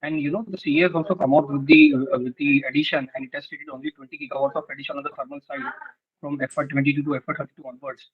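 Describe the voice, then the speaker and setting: A man's voice: on the high side, rapid-fire. A man, an analyst, politely asking a question on an earnings call, hesitant and full of fillers, on a poor phone line.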